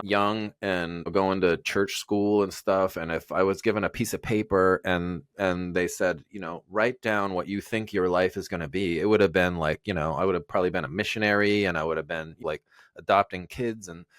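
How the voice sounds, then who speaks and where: A man's voice: sits low, fairly bright tone, no echo, studio quality. A man guest in a casual interview, talking earnestly and rambling with many fillers and restarts.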